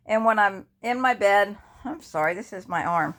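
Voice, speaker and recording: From bed, indoors, an older woman records a personal grief vlog on a phone held at arm's length. Her voice is mid-range and a bit bright, a little slow, and her talk is chatty and rambling with frequent restarts.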